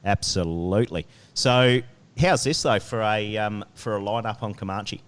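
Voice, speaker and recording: Smooth low-voiced man. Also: normal speed. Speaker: podcast co-host. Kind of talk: casual chat.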